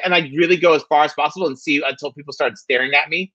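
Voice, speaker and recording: Guy talking fast and lively on a podcast, bright husky voice, kinda dull lo-fi sound, keeps going "right?". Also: a little high. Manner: animated, fast, repeats "right?". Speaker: podcast guest. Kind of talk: casual chat.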